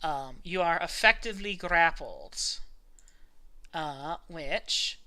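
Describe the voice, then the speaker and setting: A man's voice: a little high, lively intonation, takes it slowly, sharp tone. A man running a tabletop game as game master, explaining rules at length with many ums and uhs.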